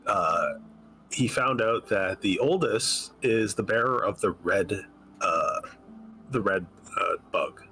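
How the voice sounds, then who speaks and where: A man's voice: fairly low pitch, lively intonation, slow pace, pushed and bright, a little hiss or hum, poor audio. A man playing in a tabletop role-play game, talking hesitantly with many uhs. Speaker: player.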